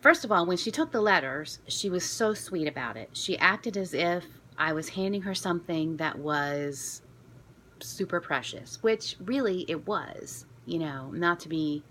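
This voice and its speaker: Self-deprecating woman vlogger from Florida, lowish and bright, chatty storyteller. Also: animated, measured pace, a little hiss or hum. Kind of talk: casual storytelling to camera.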